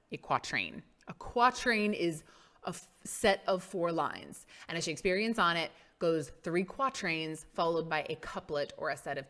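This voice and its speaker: A woman's voice: on the low side, a bit bright. A woman teaching a casual mini-lesson, playful and emphatic, who exaggerates word stress to make her point. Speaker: English teacher.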